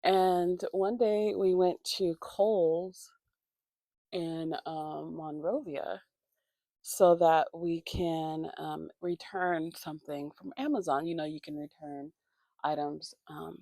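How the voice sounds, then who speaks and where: Woman, vlogger, raspy with vocal fry, profane rambling storytelling, casual chat, dry close sound. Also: sits low, slow pace, mellow, no echo. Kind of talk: casual storytime while getting ready. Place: at home getting ready for work.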